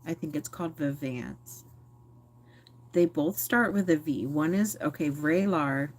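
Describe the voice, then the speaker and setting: Unhurried and low-voiced, this woman vlogs a candid personal talk straight to camera. Her musings ramble, full of fillers and self-corrections.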